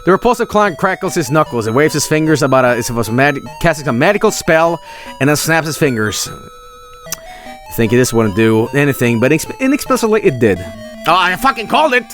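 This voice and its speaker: A man streams a text adventure, reading the story aloud and riffing on it with loose, cussing jokes. His pitch is lively and wide-ranging, and faint game music plays in the background. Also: fairly quick. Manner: loose, joking, restarts and swears.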